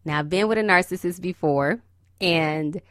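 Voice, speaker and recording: A woman hosts a podcast with a smile you can hear, cheering her listeners on with sassy, encouraging asides. Her voice sits a little low, and the recording is close and dry. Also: normal speed, fairly bright tone, dry recording. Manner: cheery, smiling voice. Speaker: podcast host. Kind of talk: upbeat podcast intro and interview.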